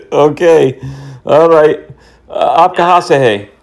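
A man's voice: fairly high pitch, slow, creaky. A man running a prank phone call on a scammer, teasing and mocking him while playing fake-naive. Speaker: scam-baiting prankster host.

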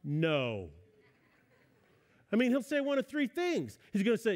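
A middle-aged pastor preaches conversationally in a high, sing-song male voice at normal speed, leaving long pauses. He acts out the things husbands and wives say to each other.

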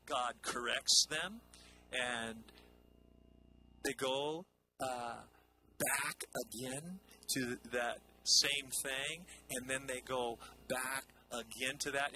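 A man's voice: medium pitch, drawn-out words, noisy background. A man pastor preaching a conversational sermon, repeating phrases for emphasis.

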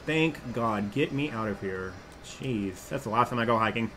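A young man casually commenting as he plays a video game, animated and prone to shouting at what happens on screen. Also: lowish voice, moderate pace, noisy background. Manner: animated, exclaims and yells at the game. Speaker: gaming YouTuber.

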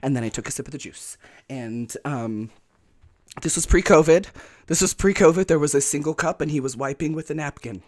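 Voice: medium pitch, brisk, darkish tone. A podcast co-host telling a story in casual chat, acting out quotes and laughing often.

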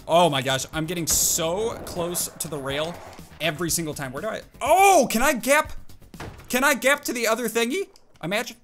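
An excitable man narrating his own gameplay, bursting into exclamations and hyping himself up. His voice sits a little high and has a bright, forceful edge. Faint music plays underneath. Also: measured pace, pauses often. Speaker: gaming video host. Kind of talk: live gameplay commentary. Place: at a home computer desk.

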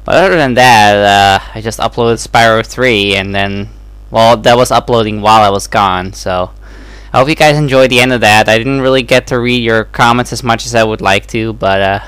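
A man's voice: fairly low pitch, moderate pace, fairly bright tone, clean tone, no echo. A young man from the Netherlands giving a casual, hesitant update to his channel, with many ums and restarts. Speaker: YouTube let's-play creator.

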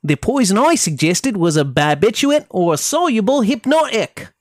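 A man's voice: high voice, very animated, moderate pace, no echo, clean studio sound, voice pushed up. A man putting on a shaky Australian accent that slips into Cockney, playing a stern male coroner giving a formal verdict. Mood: solemn. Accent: shaky put-on Australian accent slipping into Cockney.

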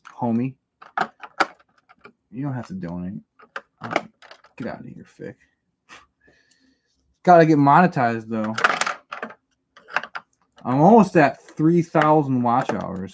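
This livestream host talks casually while building at home, rambling as he answers chat messages. His medium-pitched voice swings widely in pitch, going slowly with long pauses, and the home recording is noisy.

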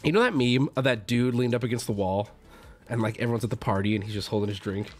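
A man streaming casually and answering his chat, excitable, swearing freely and jumping into loud outbursts. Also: mid-range voice, fast. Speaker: streamer opening card packs.

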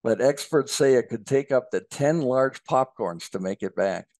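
A man's voice: mid-range voice, moderate pace, darkish tone, no echo, clean studio sound. A man as a podcast guest, chatting casually about history and politics and telling jokes in an easygoing way.

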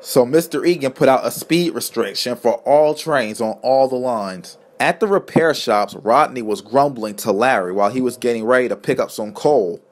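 A man's voice: mid-range voice, moderate pace, few pauses. A man narrating a homemade storybook tale in a plain, earnest reading voice.

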